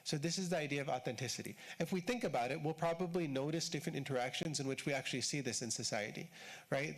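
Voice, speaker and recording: Guy giving a talk at a mosque, mid-pitched, chatty lecture, keeps repeating himself. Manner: explains in short repeated phrases with casual fillers. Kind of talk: conversational religious lecture.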